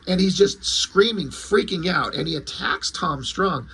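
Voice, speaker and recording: A man retells and reviews a comic in a loose, excited ramble. His voice is bright and a little husky and sits slightly high. He gushes over the art and writing. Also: unhurried. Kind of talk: casual enthusiastic comic review.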